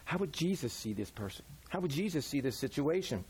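A man's voice: a little high, very animated, a little fast, a little mellow, slight background noise. A man preaching a sermon in a folksy, conversational way, using everyday examples. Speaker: pastor.

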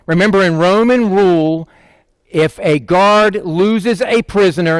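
High-voiced man teaching scripture. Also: dry recording. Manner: acts out quotes of the figures in quick voices; asks the listeners questions and answers them. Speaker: preacher. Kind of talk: conversational Bible teaching.

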